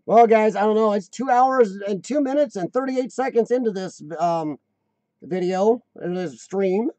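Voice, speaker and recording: An American man rambles and jokes through a casual live-stream chat, speaking a little slowly in a high-pitched voice with a mellow, dark edge. The audio is dry and close, without room echo.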